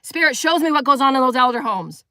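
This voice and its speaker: A woman's voice: high voice, animated, fast, pushed and bright, dry recording, clean studio sound. A woman giving a live spiritual sermon, preaching emphatically and firing rhetorical questions at her listeners. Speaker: spiritual teacher.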